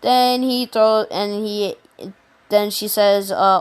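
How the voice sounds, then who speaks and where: A woman's voice: mid-range voice, steady tone, slow pace, clean tone. A woman casually retelling a fan story, rambling, slangy and profane, with frequent laughs.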